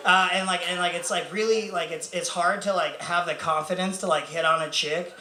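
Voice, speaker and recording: A man's voice: high-pitched, steady tone, a little fast, few pauses, a crowd in the background. A young man performing a stand-up comedy set, rambling and self-mocking with lots of fillers. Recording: echoey club room with faint noise.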